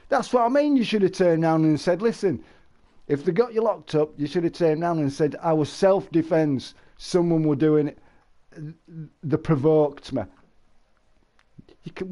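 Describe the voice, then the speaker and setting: A man live-streaming, chatting casually with viewers, rambling and laughing, with exaggerated shouted sound effects. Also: high voice.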